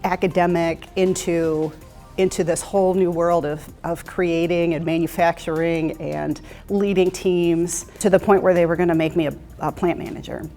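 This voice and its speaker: Gravelly, candid middle-aged woman. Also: on the low side, little pitch movement, moderate pace. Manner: reflective, candid, with frequent restarts. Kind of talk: interview storytelling. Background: soft music.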